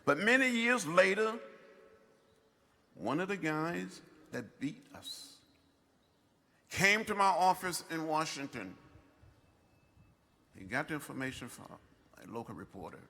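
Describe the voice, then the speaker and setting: Impassioned older man orating, booming reverb. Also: lively intonation, unhurried, creaky, long pauses, pushed and bright. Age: 70s. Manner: impassioned preacher-like oratory in short repeated phrases. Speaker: commencement speaker. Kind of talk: commencement address. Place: large outdoor ceremony over loudspeakers. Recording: long reverb from a public address system.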